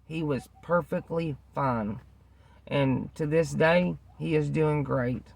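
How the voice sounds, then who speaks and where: An earnest, rambling man tells a personal story in casual, repetitive talk. His voice sits a little high for a man and has a gravelly rasp. The sound is dry and close, with no room echo. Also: slow pace, darkish tone. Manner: earnest, rambling, repeats himself, many fillers. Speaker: vlogger telling a personal story.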